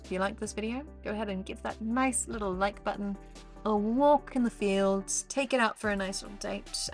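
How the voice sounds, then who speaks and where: A woman's voice: mid-range voice, fairly even intonation, normal speed, soft background music. A woman with a South African accent, coaching viewers on camera in an upbeat, encouraging, playful way. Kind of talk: casual direct-to-camera advice.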